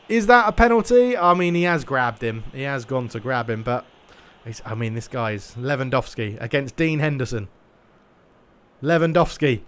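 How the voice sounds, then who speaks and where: A young man calls his own football video game like a match commentator, his voice at an ordinary middle pitch. He swings from steady running commentary to loud, excited shouts whenever play gets tense. Faint background noise sits under his home mic. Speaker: gaming YouTuber.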